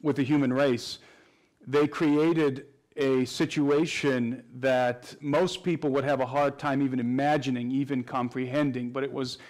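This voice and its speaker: A man's voice: medium pitch, steady tone, measured pace, a little mellow. A man answering interview questions at length in an earnest, explanatory way, often restarting his phrases. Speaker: guest researcher.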